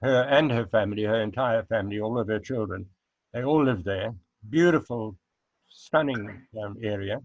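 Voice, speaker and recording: An older man from South Africa, a guest chatting casually in an interview, unhurried and reminiscing, with frequent hesitant fillers. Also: lowish voice, no room sound. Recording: dull lo-fi recording.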